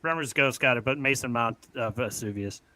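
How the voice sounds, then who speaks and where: Wry man with a bright tone. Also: medium pitch, a little fast, no echo. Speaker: trivia contestant and co-host. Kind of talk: casual fan-show banter.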